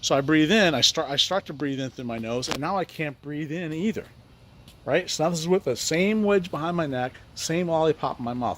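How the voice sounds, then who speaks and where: A man's voice: on the high side, a little hiss or hum. A man in a casual vlog, telling a rambling, frustrated story about a medical appointment and acting out both sides of each conversation. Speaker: vlogger recounting a medical appointment.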